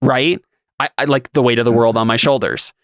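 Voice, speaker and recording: A man playing a tabletop game, talking casually and haltingly. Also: mid-range voice, steady tone, clear, resonant tone. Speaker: player. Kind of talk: tabletop role-play chat.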